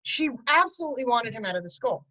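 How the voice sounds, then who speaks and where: A middle-aged woman, a guest on an interview show, telling a story about her son in an animated way with bursts of laughter. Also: on the high side, quick pace, rough recording. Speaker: guest, parent and writer. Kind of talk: conversational interview.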